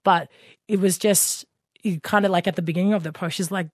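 A woman's voice: on the low side, steady tone, fairly quick, dry recording, clean studio sound. A woman, co-hosting a casual radio sports chat, talking with many fillers and restarts. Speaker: co-host.

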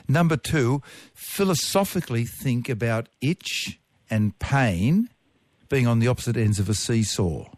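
A man explaining how itching works to others in a conversation, going through his points one by one in a measured way. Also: medium pitch, lively intonation, darkish tone, no room sound. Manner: measured, numbered points, dry asides. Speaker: expert guest explaining science.

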